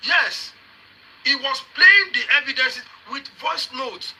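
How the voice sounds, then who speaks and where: A Nigerian man hosting a live social media session, his voice high-pitched and very bright. He challenges viewers directly and repeats his pointed questions, drifting between Yoruba, pidgin and English. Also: takes it slowly, low-quality recording. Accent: Nigerian, mixing Yoruba and pidgin. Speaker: livestream host.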